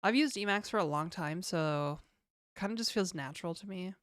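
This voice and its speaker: A woman's voice: on the low side, normal speed, no room sound, clean studio sound. A young adult woman with a Canadian accent chatting casually on a livestream, reading viewer questions aloud and answering them in a laid-back way.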